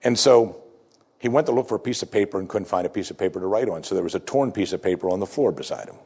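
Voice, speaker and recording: A male pastor preaching a sermon, telling a story with dramatic pauses and slowing down to stress key phrases. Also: low-pitched, lively intonation, creaky, a little mellow, husky. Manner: emphatic, slows for key phrases.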